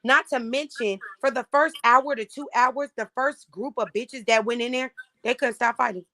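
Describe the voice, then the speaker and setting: A woman hosting a casual chat, telling an audition story in a profane, animated way. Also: fairly high pitch, normal speed, no echo. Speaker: vlog host recounting an audition.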